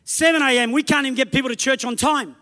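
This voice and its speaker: A man with an Australian accent preaching a revival sermon in church, telling stories fast and rising to shouted calls, with soft music behind. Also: extremely high pitch, steady tone. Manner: fervent, rapid storytelling building to shouted calls. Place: church meeting.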